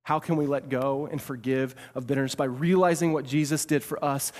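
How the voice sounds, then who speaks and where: A man preaching a sermon as pastor, swinging between loud emphatic bursts and hushed delivery, repeating phrases for emphasis. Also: mid-range voice, steady tone, brisk, few pauses. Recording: long reverb of a large hall.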